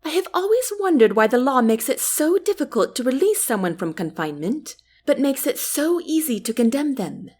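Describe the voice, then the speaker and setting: A woman voicing a thoughtful, guarded young queen in an audiobook, formal and measured. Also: sits high, very animated, darkish tone, voice pushed up. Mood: earnest. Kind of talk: audiobook character reading.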